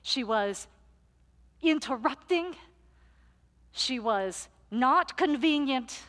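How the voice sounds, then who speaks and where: Woman pastor, storytelling sermon, a touch high, playful, long hall reverb. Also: lively intonation, extremely slow, fairly bright tone.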